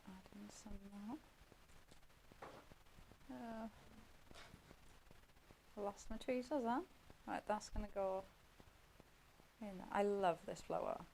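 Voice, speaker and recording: A woman talks viewers through a craft project on live television, keeping up a friendly running commentary as she works. Her voice has a gravelly, creaky edge at a middling pitch. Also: steady tone, takes it slowly, long pauses, darkish tone, slight background noise, low-quality recording. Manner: chatty running commentary while working with her hands. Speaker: craft demonstrator.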